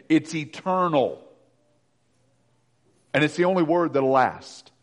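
Preacher dude, chatty sermon, cracks little jokes, kinda high voice. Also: male voice, sing-song, slow, long pauses. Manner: conversational, joking asides. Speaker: pastor.

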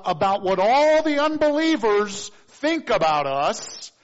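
Animated, high-voiced preacher in a reverberant church. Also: male voice. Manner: animated, acts out voices of figures. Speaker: pastor. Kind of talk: sermon. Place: church sanctuary. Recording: dull lo-fi recording with long reverb in a church.

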